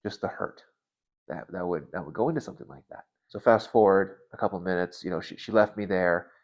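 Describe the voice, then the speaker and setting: A man in his thirties sharing a personal faith story in an earnest, halting way, often restarting his words. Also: deep voice. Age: 30s. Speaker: Christian vlogger.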